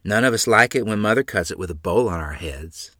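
A man's voice: lowish voice, lively intonation, a little fast, pushed and bright, no echo, clean studio sound, exaggerated voice. A man voicing an eager young girl who fancies herself a princess, chiming in.

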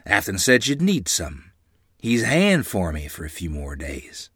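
A good-natured old grandfather from the frontier, friendly and unhurried, voiced by a male storyteller. The voice is husky with a lively lilt, recorded close and dry. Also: low voice, no room sound, full character voice. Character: kindly, strong old grandfather.

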